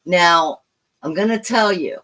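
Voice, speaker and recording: A woman's voice: fairly low pitch, slow, a bit bright. Woman moderating a livestream chat. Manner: reads out viewer comments and explains at length.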